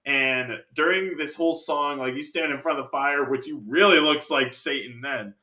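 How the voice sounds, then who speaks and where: A man's voice: a little high, normal speed, sharp tone, reverberant. A man giving a casual, jokey film review full of sidetracked asides.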